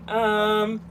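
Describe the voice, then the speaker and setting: A woman's voice: a little high, fairly bright tone, a little hiss or hum, low-quality recording. A woman chatting casually on a livestream, giggly and talking to her cat, from inside her van. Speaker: vlogger hosting a livestream.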